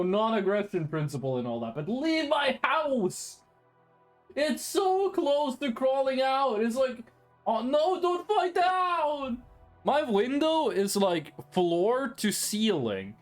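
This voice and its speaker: A native Norwegian speaker streaming games from a room at home, rambling and joking in casual chat, swearing now and then. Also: mid-range voice. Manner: animated, rambling, jokey, swears. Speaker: game streamer.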